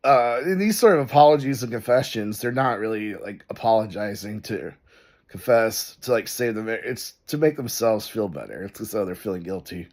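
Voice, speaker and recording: A man's voice: fairly low pitch, animated, moderate pace, a little mellow. A man telling a story in casual commentary, rambling, with lots of "like" and "uh". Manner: rambling, full of "like" and "uh".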